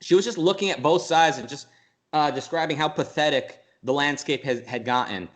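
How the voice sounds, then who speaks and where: A man as an interview guest, talking in a rambling, animated way, full of restarts and quick jumps into mock voices. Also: fairly high pitch. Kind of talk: casual conversational interview.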